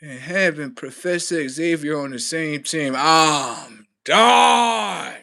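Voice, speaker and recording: A man ranting on a live stream in a slangy, swearing, animated way. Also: a little high, takes it slowly, gravelly. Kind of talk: profane live-stream rant.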